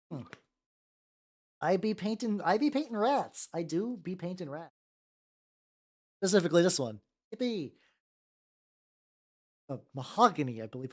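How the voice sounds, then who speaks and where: Lively streamer, rambling while painting. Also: mid-range voice. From United States. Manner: rambling, swears freely, talks to chat, trails off mid-thought. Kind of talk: casual livestream chat while painting.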